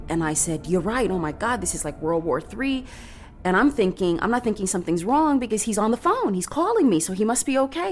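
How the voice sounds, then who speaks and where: Emotional woman recalling a phone call. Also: mid-range voice. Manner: emotional, halting recollection. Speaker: interviewee. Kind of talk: interview testimony.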